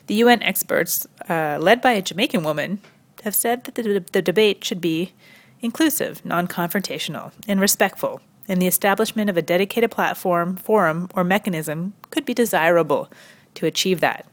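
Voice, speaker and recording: A young woman from Quebec hosting a scripted satirical comedy monologue, sarcastic and prone to sudden high mock-incredulous leaps. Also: normal speed. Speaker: satirical commentary host.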